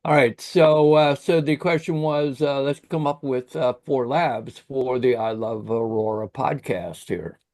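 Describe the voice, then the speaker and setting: Man with an ordinary-pitched voice; explains tech steps, asks "right?" a lot. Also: a little slow, hardly any pauses, darkish tone. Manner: checks in with "right?", many fillers. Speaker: podcast guest explaining tech labs. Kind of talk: casual technical explanation.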